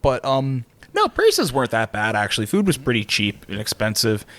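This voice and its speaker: A man co-hosting a podcast, swapping travel stories in easy, casual talk. He gets lively and laughs as he acts out what people said. His voice sits at a middle pitch, and the sound is close and dry. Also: moderate pace, no echo. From Pennsylvania, United States. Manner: animated, laughs while telling stories, acts out quotes. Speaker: podcast co-host. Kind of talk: casual storytelling chat.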